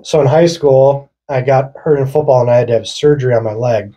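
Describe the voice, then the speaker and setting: Man, husky, mellow, casual swearing storyteller. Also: mid-range voice, fairly quick. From rural Wisconsin. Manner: loose, profane, laughing through his story. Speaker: podcast co-host. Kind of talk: casual storytelling among friends.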